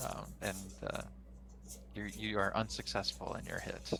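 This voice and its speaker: A man running a tabletop game as dungeon master, narrating in a halting way with many fillers. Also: on the low side, flat delivery, gravelly.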